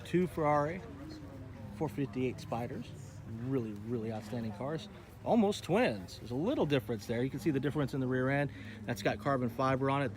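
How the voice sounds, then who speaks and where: Chatty man at an outdoor car show. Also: medium pitch. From Texas. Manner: enthusiastic, chatty, addresses viewers directly. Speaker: host. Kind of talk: casual walkaround car show commentary.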